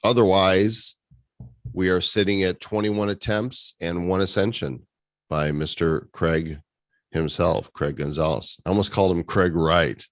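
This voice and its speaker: A man's voice: low-pitched, steady tone, unhurried, no echo. A man hosting a casual community meeting over a video call, teasing his co-hosts with sarcastic jokes. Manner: joking, teasing, sarcastic banter. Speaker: host.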